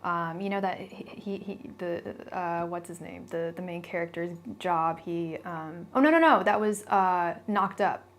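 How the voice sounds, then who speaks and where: A woman's voice: fairly low pitch, a little slow, few pauses. A young adult woman giving a live-stream tarot reading, talking bluntly and chattily with many restarts. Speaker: tarot reader.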